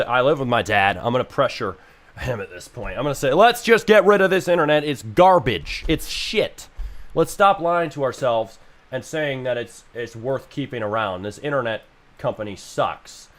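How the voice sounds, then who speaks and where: Young man, live streamer, casual frustrated rant, swears a lot, average pitch. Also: a bit bright. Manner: frustrated, ranting, swears freely.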